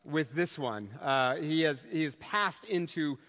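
A man leading a talk on novels, relaxed and a bit hesitant. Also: fairly high pitch, a little slow. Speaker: lecturer. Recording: hall reverb.

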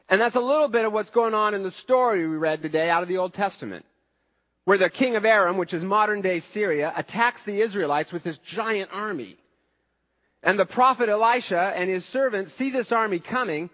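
Guy preaching, pretty high voice, chatty storytelling, sounds a bit muffled. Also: normal speed, a bit bright, big-room sound. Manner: storytelling, earnest and conversational. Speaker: pastor. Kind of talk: sermon.

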